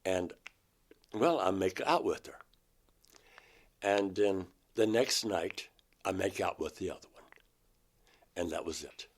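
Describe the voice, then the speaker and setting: A man from Georgia in the United States speaks as an interview guest. His voice sits on the low side. He retells a personal experience vividly and emotionally, acting out his own words. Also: slow, long pauses, breathy edge. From Georgia, USA.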